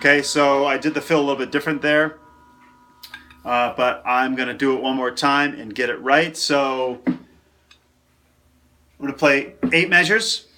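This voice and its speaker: A man's voice: mid-range voice, fairly even intonation, normal speed, long pauses, a little hiss or hum. A man teaching a casual drum lesson in a practice room, counting rhythms aloud and vocalizing the beat. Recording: loud drum kit playing behind.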